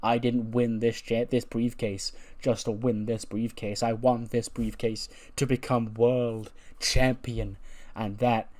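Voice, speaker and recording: Guy reading out a cocky wrestler promo, slow and low, kinda menacing. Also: little pitch movement, a little mellow, close to an everyday voice. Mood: boastful, menacing.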